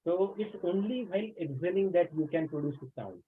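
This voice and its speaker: A man's voice: high voice, expressive, fairly quick, slight background noise. Man lecturing over a tinny call line. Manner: explanatory, frequent "uh" fillers. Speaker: teacher trainer. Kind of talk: webinar lecture. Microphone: video call. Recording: tinny phone-like online call audio.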